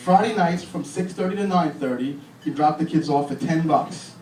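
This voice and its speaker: A man in his thirties doing a stand-up comedy set in a comedy club, with deadpan delivery and crude punchlines. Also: on the high side, normal speed. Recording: echoey club from far off. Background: audience laughter and room noise.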